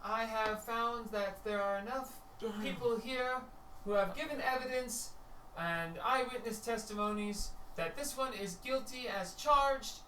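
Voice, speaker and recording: A man's voice: extremely high pitch, a little slow, bright, forceful tone, a little hiss or hum, pitched above the performer's own voice, heavily acted. Man voicing a stern, formal woman judge. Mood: solemn. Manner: formal, declaiming. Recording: roomy distant mic, faint ambience.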